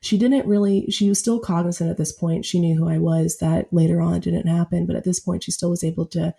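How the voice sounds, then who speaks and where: Low, gravelly-voiced woman guest. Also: steady tone, brisk, mellow. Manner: heartfelt, reflective storytelling. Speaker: guest poet. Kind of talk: podcast interview.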